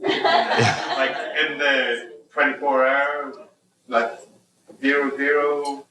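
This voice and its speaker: A man's voice: medium pitch, little pitch movement, pushed and bright. Brief: man from Ireland, audience member, hesitant, off-mic in an echoey room with crowd noise. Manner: slow, hesitant explaining. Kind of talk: answering a comedian from the crowd. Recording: distant, roomy, noisy crowd.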